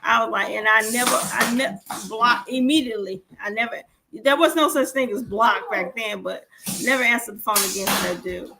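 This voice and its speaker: A woman's voice: on the high side, brisk, creaky, a crowd in the background. A woman in her forties, a podcast co-host, telling stories animatedly and swearing freely as she acts out the dialogue. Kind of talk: casual storytelling chat.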